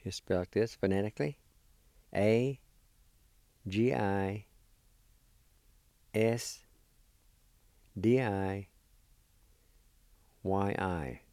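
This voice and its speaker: A man teaching a language lesson, spelling words letter by letter and pronouncing them slowly and deliberately. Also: on the low side, dark tone, dry recording, studio quality.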